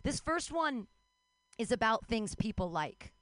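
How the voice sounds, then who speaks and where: A young adult woman doing a wry, self-mocking stand-up set out in the street, with quick asides and put-on voices. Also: a little high, big pitch swings, fairly bright tone, no echo. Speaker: stand-up comic. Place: street outdoors.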